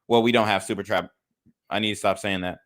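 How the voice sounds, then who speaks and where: A man's voice: lowish voice, steady tone, fast, fairly bright tone. A man hosting an online commentary channel, reacting bluntly and profanely to news clips and plugging his channel.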